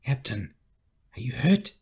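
Man doing young rebel woman, earnest, pleading, husky voice, audiobook. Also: medium pitch, very animated, a little slow, a little mellow, full character voice. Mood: concerned.

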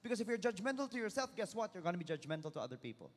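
A man's voice: high-pitched, racing, long reverb tail. A man preaching a sermon at a festival, calling out to the crowd and switching into Tagalog. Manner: lively, calls on the crowd, mixes in Tagalog. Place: large hall or venue.

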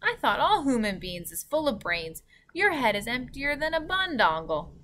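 A woman's voice: sits high, big pitch swings, normal speed, pushed and bright, a little hiss or hum, pitched above the performer's own voice, exaggerated voice. A woman voicing a big friendly male giant who mangles his words, reading a storybook aloud. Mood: lively. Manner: jumbled words, stern then cheerful.

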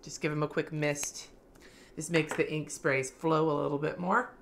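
A woman vlogger giving a casual, slangy craft tutorial, cussing freely, her voice going a little hoarse. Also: low voice, little pitch movement, normal speed, fairly bright tone, slight background noise.

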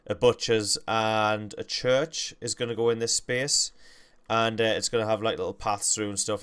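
Smooth low-voiced gamer. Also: male voice, a bit bright. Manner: rambling, self-correcting, jokey. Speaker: gaming livestream host. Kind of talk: casual game commentary.

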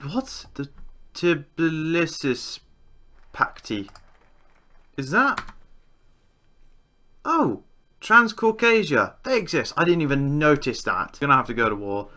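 A man commentating a strategy game he is playing, excitable and swearing, with outbursts of disbelief. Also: on the high side, slow, pauses often. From England. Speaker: gaming YouTuber. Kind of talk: Let's Play commentary.

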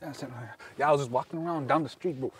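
A young man vlogging in goofy casual banter, joking and laughing, swinging between loud bursts and mumbles. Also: mid-range voice, racing, very noisy.

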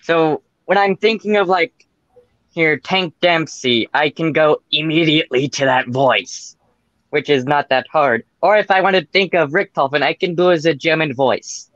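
A man's voice: on the high side, moderate pace, a bit bright, no room sound. Casual male caller, dry dull audio. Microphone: video call.

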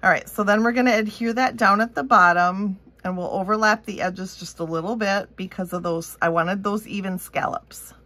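A woman with a Minnesotan accent, originally from Minnesota, guides a step-by-step craft tutorial in a pushed, bright, mid-range voice. She keeps a moderate pace with few pauses, chatting cheerfully and thinking out loud. No echo is present.

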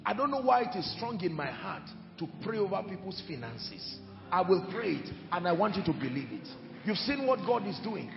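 A man preaching a sermon with emphatic delivery, moving between shouted lines and hushed ones. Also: sits high, very animated, moderate pace, creaky, dull audio. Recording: echoey hall with music behind.

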